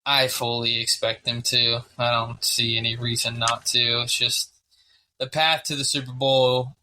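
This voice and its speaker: Cursing freely and drifting from point to point, a man co-hosting a sports podcast sounds excitable yet unhurried, his voice medium in pitch. There's a bit of noise in the background.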